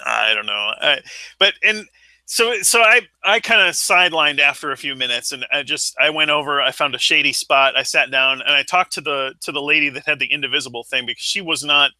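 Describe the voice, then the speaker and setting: Man, high bright voice, rambling halting storyteller, casual podcast chat, dry sound. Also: dry recording, rough recording.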